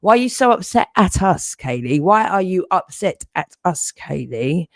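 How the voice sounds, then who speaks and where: A woman's voice: on the low side, big pitch swings, normal speed, no echo, studio quality, pitched above the performer's own voice. A woman voicing a group of taunting men in a sarcastic, sing-song mimicry. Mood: mocking.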